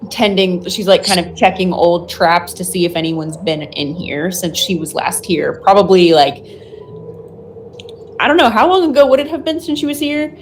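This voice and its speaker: A woman's voice: on the low side, animated, moderate pace, a little hiss or hum. A woman playing at a tabletop game, describing things in a rambling way full of fillers. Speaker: player.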